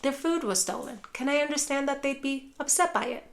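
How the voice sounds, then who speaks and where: A woman with a somewhat high voice teaches caregivers of people with dementia. She speaks in a reassuring way, often calls her viewers care partners, and softens her voice when she models kind phrases to use. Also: a little fast. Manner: acts out caregiver phrases softly. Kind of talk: direct-to-camera teaching.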